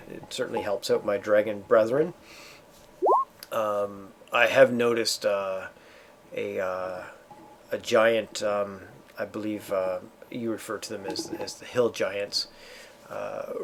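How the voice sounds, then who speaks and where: A man's voice: fairly low pitch, slight background noise. A man voicing a friendly but evasive male dragon who hedges and stalls with many fillers. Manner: hesitant, sly, stalling.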